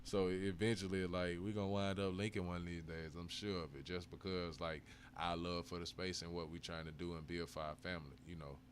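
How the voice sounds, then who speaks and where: A man with a low, fairly flat voice hosts a live stream, talking a little fast with few pauses over a faint hiss or hum. He chats casually and swears heavily, laughing often and breaking into bursts of hype.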